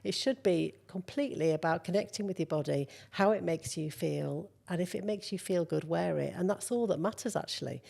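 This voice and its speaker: A woman's voice: on the low side, brisk, gravelly, few pauses. A middle-aged woman, a model, speaking candidly as a guest in a conversational interview. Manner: candid, animated storyteller.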